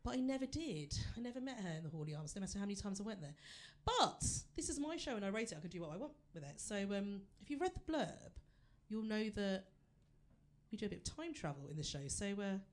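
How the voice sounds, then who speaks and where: A woman, working a live theatre crowd in a stand-up set. She is chatty and self-deprecating, and talks straight to the audience in a middle-pitched voice. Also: very animated, fast. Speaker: stand-up comedian.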